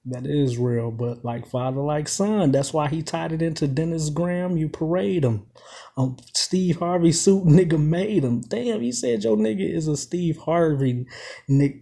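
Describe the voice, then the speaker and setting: Man, fairly high voice, mellow tone, casual lyric breakdown, emphatic, repeats the bars. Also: measured pace, vocal fry, husky. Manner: emphatic, repeats quoted lines, keeps asking "you know what I'm saying". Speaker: commentator.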